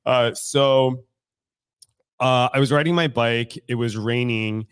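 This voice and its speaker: A man's voice: mid-range voice, fairly even intonation, a little slow, smooth, dry recording, clean studio sound. Candid, profane man on a podcast. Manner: candid, profane, laughs often. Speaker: guest co-host. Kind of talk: casual podcast chat. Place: recovery club in a room.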